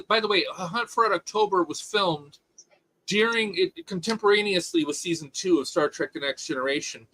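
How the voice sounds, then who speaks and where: A man co-hosting a casual podcast chat, his voice bright and somewhat high. He talks in an opinionated, animated way, often restarting his sentences, and the sound is dry and close. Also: no room sound, poor audio. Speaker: podcast co-host.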